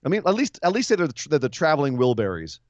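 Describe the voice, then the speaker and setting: Podcast co-host, male, lively pitch, dry and slightly muffled sound, teasing and animated. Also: dry recording. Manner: animated, quick to tease and laugh. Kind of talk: casual wrestling recap chat.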